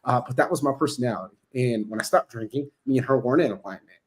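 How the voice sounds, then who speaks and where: A man's voice: mid-range voice, quick pace. A man hosting a podcast, telling stories in a blunt, profane, casual way. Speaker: podcast host.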